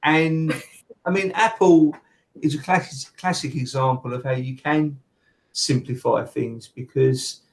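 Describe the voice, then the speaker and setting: A man's voice: medium pitch, steady tone, measured pace, low-quality recording. A man talking as a podcast guest in casual conversation, rambling with fillers and restarts.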